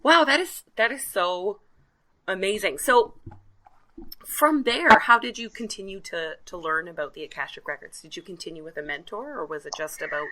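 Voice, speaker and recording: A woman's voice: medium pitch, normal speed, bright, forceful tone. A woman hosting a podcast interview, chatting casually, often laughing and encouraging her guest. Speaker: podcast host.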